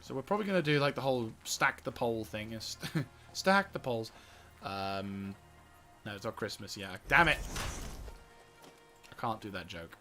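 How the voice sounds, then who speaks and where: A man's voice: on the low side, moderate pace, fairly bright tone, faint music behind. A man giving casual gameplay commentary, giggly and exasperated, swearing often. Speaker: gaming video host.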